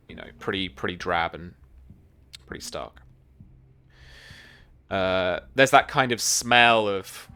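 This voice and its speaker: A man's voice: fairly low pitch, fairly bright tone, smooth. A man narrating a tabletop game as game master, describing scenes loosely with many fillers.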